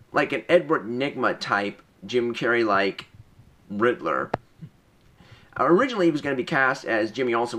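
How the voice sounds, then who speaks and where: An eager young man talks through a movie review in a casual vlog, his pitch swinging lively up and down. His voice is bright and forward, and he rambles, catching himself and restarting mid-sentence. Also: a little hiss or hum.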